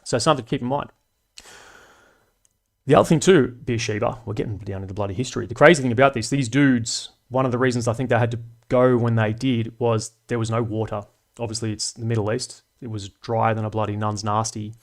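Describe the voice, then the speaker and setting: A man's voice: medium pitch, fairly even intonation, fairly quick. A man in his thirties with an Australian accent, hosting a casual livestream chat in a laid-back, slangy way with frequent swearing. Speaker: livestream host.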